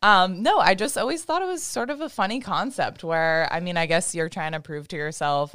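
A woman's voice: mid-range voice, lively intonation, moderate pace, fairly bright tone, clear, resonant tone, dry recording, studio quality. A young woman co-hosting a fitness podcast in casual chat, bubbly, laughing often and stumbling over repeated words. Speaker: podcast co-host.

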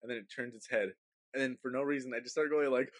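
Husky, fast-talking young man. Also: mid-range voice, dry recording. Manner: rambling storytelling, swearing, animated. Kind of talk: casual chat among friends.

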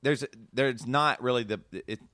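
A man's voice: medium pitch, a little slow, pushed and bright, dry recording, studio quality. A man hosting a casual podcast, talking earnestly and emotionally with many restarts. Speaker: podcast host.

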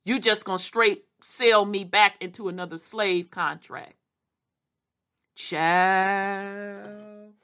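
A woman reading history aloud and adding animated, casual commentary. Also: mid-range voice, smooth. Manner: animated, quick asides, Southern Black vernacular.

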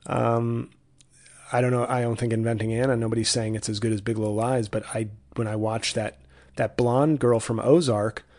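A man's voice: mid-range voice, little pitch movement, moderate pace, darkish tone. A man hosting a podcast in a casual, rambling comedic monologue that often breaks off and restarts. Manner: rambling, self-interrupting. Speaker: podcast host.

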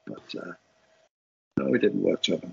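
Husky low-voiced man from Denmark. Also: normal speed, dull audio. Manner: relaxed storyteller who acts out quoted voices with laughter. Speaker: co-host, former footballer. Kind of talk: casual podcast chat, anecdotes.

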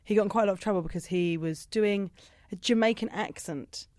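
A woman's voice: medium pitch, a little fast, a little mellow, no echo, studio quality. A woman chatting casually as a podcast co-host, sarcastic and given to comic swearing. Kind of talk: casual chat.

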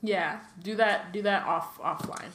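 A woman's voice: medium pitch, unhurried, a bit bright, reverberant, slight background noise. A woman co-hosting a podcast, teasing her partner and reading aloud with wry asides. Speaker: podcast co-host. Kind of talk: casual chat and book reading.

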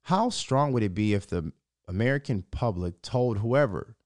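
A man's voice: lowish voice, expressive, normal speed, a little mellow, dry recording. A man hosting his own solo podcast, ranting in a profane, rambling, opinionated way. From Minnesota. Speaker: podcast host. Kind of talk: casual solo podcast rant.

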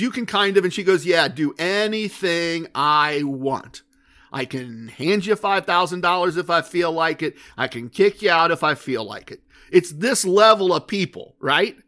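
Podcast host: man, high-pitched voice, chatty storytelling monologue with rhetorical questions. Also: fairly bright tone. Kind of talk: casual monologue.

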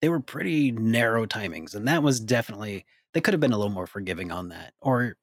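A man's voice: fairly low pitch, animated, quick pace, no room sound, clean studio sound. A man co-hosting a casual podcast chat, rambling and hedging as he thinks aloud.

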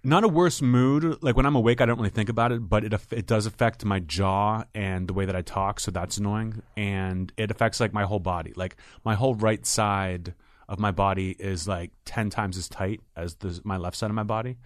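A man with a fairly low voice talks in a relaxed podcast chat, dry and sarcastic as he grumbles about his week. The sound is close and dead, with no room around it. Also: brisk, no echo. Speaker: podcast co-host, comedian. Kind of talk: casual chat.

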